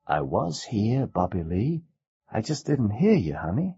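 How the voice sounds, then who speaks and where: A weary young mother coaxing her child in a raised, husky voice, as a man voices her in an audiobook, edging into harshness now and then. The lo-fi cassette sound is dull. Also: mid-range voice, big pitch swings, moderate pace, mellow, voice pushed up.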